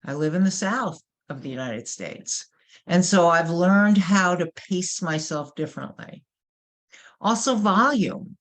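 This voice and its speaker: A woman with a New York accent giving a webinar presentation as a workshop presenter, emphatic and animated, asking rhetorical questions. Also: low voice. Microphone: webinar microphone.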